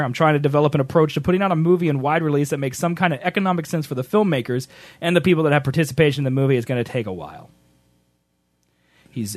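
A young man co-hosting a podcast, joking in casual chat and reading news aloud. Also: no room sound. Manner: animated, joking, swings pitch widely. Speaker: podcast co-host.

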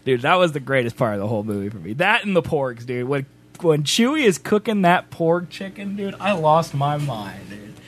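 Excitable high-voiced man co-hosting a stream. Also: normal speed. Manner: excitable, laughs a lot, acts out silly dialogue. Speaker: show co-host. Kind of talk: casual chat while gaming on stream.

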